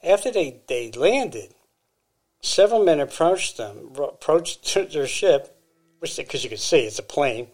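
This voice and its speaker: A man co-hosts a podcast with a slightly high-pitched voice. He retells a strange story in a rambling, casual way, full of fillers and self-corrections. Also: lively intonation, measured pace, a little mellow, faint music behind. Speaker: podcast co-host.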